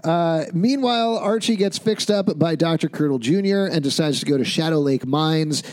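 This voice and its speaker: A man's voice: a little high, moderate pace, darkish tone. A man co-hosting a podcast, recapping a TV episode in casual chat with wry, analytical asides. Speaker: podcast co-host.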